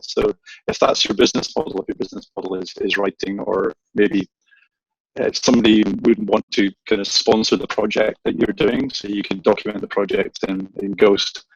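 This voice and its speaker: A man with a Scottish accent explaining things in a relaxed panel chat, with frequent restarts. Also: lowish voice, gravelly, dry recording, lo-fi sound. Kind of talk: casual panel discussion.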